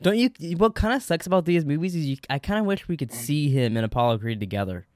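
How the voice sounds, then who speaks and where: A man co-hosting a podcast in relaxed, joking casual chat. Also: on the high side, quick pace, no echo, clean studio sound. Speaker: podcast co-host.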